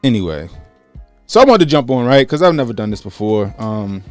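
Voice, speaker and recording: A man's voice: mid-range voice, fairly quick, no room sound, soft background music. Chatty man in his thirties livestreaming. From Baltimore, USA. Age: 30s. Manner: animated, acts out quotes, greets chat by name. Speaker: livestream host. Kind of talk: casual livestream storytelling.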